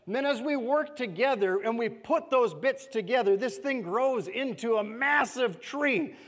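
A male pastor with a high voice preaches in an easy, conversational way, often asking "okay?" and letting key phrases sink to near-quiet. His voice rings out with the long reverb of a church hall. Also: lively intonation, unhurried. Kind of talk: sermon.

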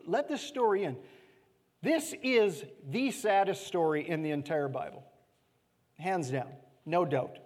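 A man preaching a sermon in a church, earnest and pleading, moving between loud emphatic lines and hushed ones. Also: on the high side, in a large hall. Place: church sanctuary.

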